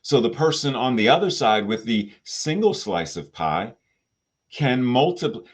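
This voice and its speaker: A man's voice: medium pitch, very animated, a little slow, slightly rough. A man, the spiritual director of a spiritual center, delivering a sermon with rhetorical questions and playful asides.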